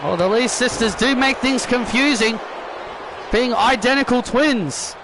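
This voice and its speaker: A man commentating his own wrestling video game matches with excitable play-by-play, often restarting his sentences and shouting at the big moves. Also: very high-pitched, measured pace, over a noisy crowd, heavy background noise. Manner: frequent restarts and self-corrections, bursts of shouting at big moves.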